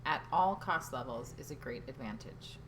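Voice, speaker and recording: A woman co-hosting a livestream, chiming in quietly off-mic and reading viewer comments. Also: a bass voice, lively intonation, normal speed, background noise. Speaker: co-host, the host's wife. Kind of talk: casual livestream chat. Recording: off-mic, distant and faint.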